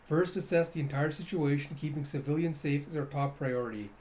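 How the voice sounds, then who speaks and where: A man voicing a cocky, boastful young male captain who barks brisk orders, with faint noise behind. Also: a little high, a little mellow, close to an everyday voice. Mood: smug.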